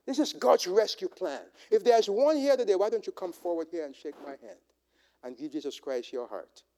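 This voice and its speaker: A man with a high voice preaches, his pitch rising and falling widely from line to line. He drops to near-whispers, then builds to shouted proclamations as he calls listeners forward. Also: very animated, brisk. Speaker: pastor. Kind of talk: sermon with altar call. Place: church sanctuary.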